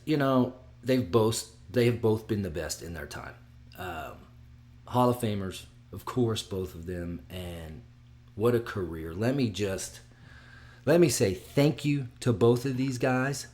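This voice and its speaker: A man hosting his own video, talking excitedly and rambling, with frequent restarts and sudden drops to a mutter. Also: on the low side, unhurried. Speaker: vlog host giving fight picks. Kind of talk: casual solo video chat.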